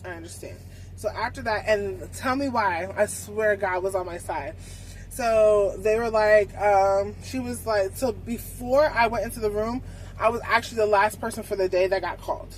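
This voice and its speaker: Young woman trucker, casual vlog storyteller, salty and animated, faint noise behind. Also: mid-range voice, moderate pace, poor audio. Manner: animated, swearing, acts out conversations. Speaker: truck driver vlogger.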